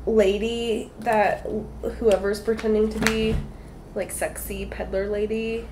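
A woman's voice: medium pitch, level tone, slow pace, noisy background. A young adult woman co-hosting a podcast, giggly, teasing and playful in casual banter over a video call. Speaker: podcast co-host.

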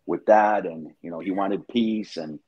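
A man's voice: deep voice, unhurried, a little mellow, husky, muffled recording. A man hosting a casual live-stream chat over a video call, rambling with many restarts. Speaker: show host.

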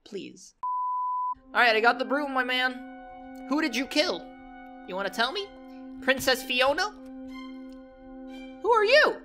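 Joking young man, lively commentary. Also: very high-pitched, a little slow, long pauses, music in the background. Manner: joking, loud reactions, shouts at scares. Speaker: gaming commentator. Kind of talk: horror game commentary.

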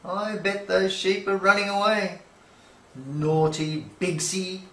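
A woman's voice: medium pitch, fairly even intonation, slow pace, distant mic. A woman reading a children's picture book aloud, playfully imitating animal sounds. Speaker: storybook reader. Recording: echoey room.

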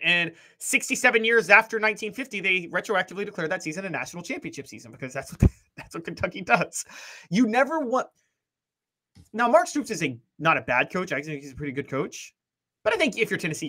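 A man's voice: high-pitched, lively intonation, fast, bright, forceful tone. A young man co-hosting a sports talk show, making his points in an emphatic, argumentative way.

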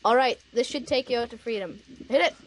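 A man's voice: very high-pitched, a little fast, poor audio. A man chatting casually during a co-op game, joking nervously and giving directions. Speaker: gamer and recorder. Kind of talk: casual co-op gameplay chat.

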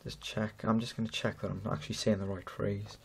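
A man's voice: fairly low pitch, flat delivery, brisk, vocal fry, slight background noise. A young man in his late teens with a Welsh accent, casually demoing an app he built at home, rambling and self-deprecating. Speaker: app developer giving a demo. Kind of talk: casual demo talk.

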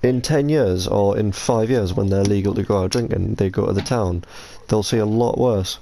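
Gravelly low-voiced British young man. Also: moderate pace, dark tone, a little hiss or hum. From United Kingdom. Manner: sweary, banter-heavy, rambling. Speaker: streamer playing with friends. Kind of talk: casual gaming chat.

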